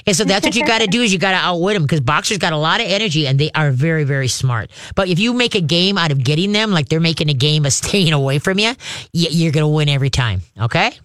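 A man giving casual dog-training advice to a caller, folksy and chatty, often checking in with "all right?" and sometimes slipping into a high coaxing dog-calling voice. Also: lively intonation, quick pace, a bit bright, no echo, clean studio sound. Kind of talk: casual radio advice chat.

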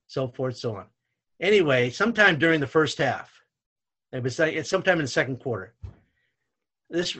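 An older man, a retired basketball coach, telling lively anecdotes in a conversation, his voice rising when he retells shouting matches. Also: mid-range voice. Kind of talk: storytelling in conversation.

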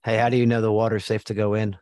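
A man's voice: fairly low pitch, level tone, very fast, a little mellow, no echo. An American man hosting a casual sports chat, blunt and joking with plenty of swearing. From United States.

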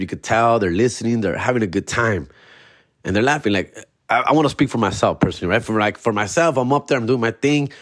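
A young adult man, a comedian hosting his podcast, telling stories in a slangy, animated way and dropping words, a bit hungover. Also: medium pitch, no room sound, studio quality. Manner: slangy, animated, peppered with "fool" and "bro". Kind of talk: casual storytelling monologue.

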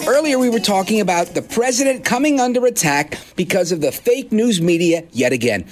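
A man hosting a talk radio show from a studio, delivering a fired-up, rhetorical opinion monologue in punchy bursts into a studio microphone. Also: sits high. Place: radio studio in a high-rise.

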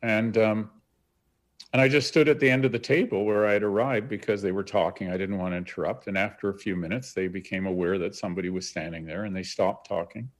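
A Canadian man recounting a story in an interview, animated and acting out the quotes. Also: fairly low pitch, fast. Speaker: guest.

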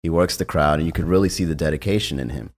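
A man with a very low voice chatting on a podcast. He tells his stories in a laid-back way, cursing casually. He talks about the comics he books. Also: rapid-fire. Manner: laid-back, profane storytelling. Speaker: comedy show booker and podcast host. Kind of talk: casual chat.

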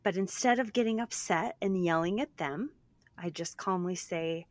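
Chatty, animated woman co-host. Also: fairly low pitch, dry recording. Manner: animated, talks fast with restarts. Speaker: podcast co-host. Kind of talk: casual chat.

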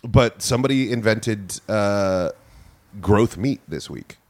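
Deep-voiced man on a podcast with hesitant, stop-start delivery. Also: slight background noise. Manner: halting, hesitant, restarts sentences. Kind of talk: casual chat.

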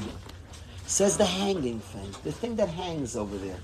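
Man, Torah class lecture, casual teaching, high voice, faint noise behind. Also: a little slow. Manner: animated, expressive, swings between low and loud. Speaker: rabbi teaching students.

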